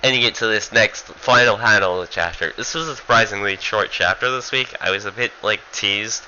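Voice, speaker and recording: A man's voice: fairly low pitch, a little fast, bright, forceful tone, lo-fi sound, a little hiss or hum. A man giving a casual, rambling manga review, full of fillers and swearing.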